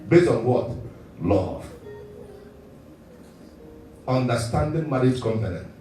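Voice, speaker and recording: Animated, chuckling male preacher in an echoey hall. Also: mid-range voice, takes it slowly, soft background music. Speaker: pastor. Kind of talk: sermon. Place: church hall. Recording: echoey church hall, mic at a distance.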